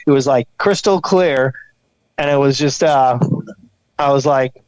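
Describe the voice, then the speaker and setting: A man talking as a guest on a podcast, telling stories in a rambling, animated way and acting out the sounds and quotes in them. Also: mid-range voice, a little slow, no room sound, rough recording. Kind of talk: casual podcast conversation.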